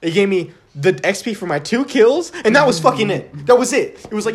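A man's voice: high-pitched, very animated, fairly quick, hardly any pauses, breathy edge. A young man in casual chat, telling a profane, ranting story and laughing often.

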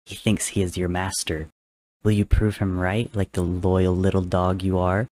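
A man voicing sly, taunting voices inside a warrior's head, soft and whispery. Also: low-pitched, flat delivery, normal speed, a little hiss or hum, close to an everyday voice.

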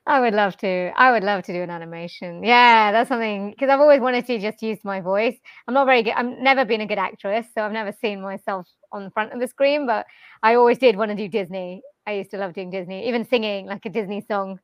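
A British-accented woman talks in a chatty, upbeat way, close to a directional mic. Her voice sits at an ordinary middle pitch. The sound is dry and close, with almost no room in it. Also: clean tone, dry recording. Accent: general British. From Wales. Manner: chatty, upbeat, quick to laugh. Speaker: voiceover artist and jazz vocalist. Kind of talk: casual interview chat. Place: quiet corner of a home lounge. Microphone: directional mic with pop shield.

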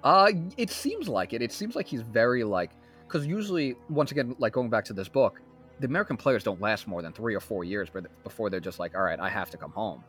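Two to three sentences: A young man in casual podcast chat, his pitch leaping up and down as he talks. He sounds animated and laughs often. Faint music sits under his voice. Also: fairly quick. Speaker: podcast co-host.

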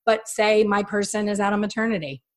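Lively storytelling woman in her fifties. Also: mid-range voice, fairly quick. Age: 50s. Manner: animated storyteller who acts out quotes. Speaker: hairstylist and podcast host. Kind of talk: casual storytelling chat.

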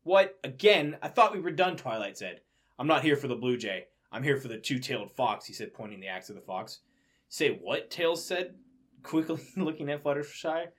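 A man's voice: medium pitch, animated, normal speed, slightly rough. A young man taking his turn reading a fan story for laughs, adding wry comments about it. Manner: wry commentary between read passages. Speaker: co-reader. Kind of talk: comedic dramatic reading.

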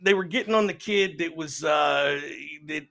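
A man's voice: on the high side, creaky, fairly bright tone. A man co-hosting a casual podcast, ranting bluntly with plenty of swearing. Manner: blunt and profane, quick rants. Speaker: podcast co-host. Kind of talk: casual chat.

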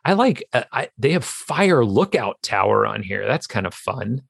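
A man's voice: mid-range voice, big pitch swings, normal speed, gravelly, husky, dry recording, clean studio sound. A man co-hosting a casual podcast, easygoing and chuckling as he chats with his friend. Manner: laid-back, chuckling storyteller. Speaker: podcast co-host. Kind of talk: casual chat.

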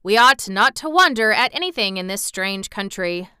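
A woman reading aloud, voicing a plain, steady older farm uncle from a storybook in a mild, thoughtful tone. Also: mid-range voice, moderate pace, smooth, no room sound, clean studio sound.

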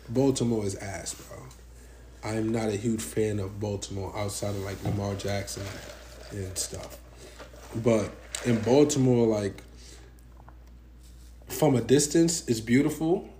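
A man's voice: lowish voice, measured pace, mellow. A young man chatting casually in slangy, joking banter with a friend. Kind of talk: casual chat. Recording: echoey room, faint background noise.

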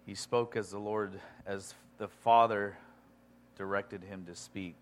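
A man preaching a sermon, reading scripture aloud in a conversational way that swings from quiet asides to loud emphasis. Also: on the low side, little pitch movement, takes it slowly. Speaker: pastor.

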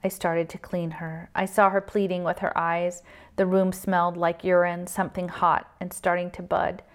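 Low, flat-voiced woman reading a novel. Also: moderate pace. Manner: steady, subdued first-person narration. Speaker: reader. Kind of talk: novel read aloud.

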